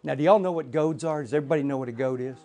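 A man's voice: on the high side, racing, a little mellow. Emphatic man teaching Bible class. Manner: emphatic, repeats points, asks rhetorical questions.

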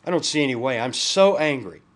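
A man's voice: medium pitch, expressive, fairly quick, lightly acted. A man reading the lines of an angry, hurt husband in marriage counseling, in a bitter tone. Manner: bitter, read aloud.

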